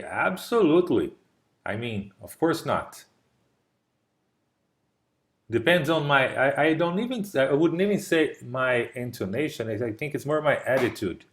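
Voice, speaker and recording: Male tutor on a video call. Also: mid-range voice. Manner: explains patiently with examples, checks understanding. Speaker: English tutor. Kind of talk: online English lesson.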